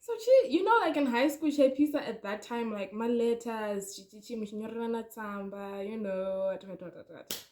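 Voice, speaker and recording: A young woman telling a storytime vlog, animated and chatty, talking straight to her viewers. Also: fairly high pitch, moderate pace. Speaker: vlogger.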